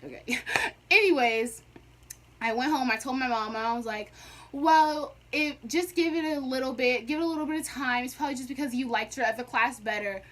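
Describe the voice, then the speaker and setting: A young woman vlogger telling a storytime in a sassy, animated, dramatic way. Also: high-pitched, brisk. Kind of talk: casual storytime.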